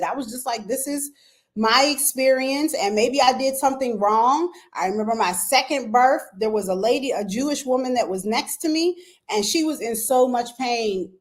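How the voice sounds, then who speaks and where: A woman in her thirties hosting a casual talk show, telling a personal story and jumping up in pitch when she relives tense moments. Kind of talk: casual chat to a live audience.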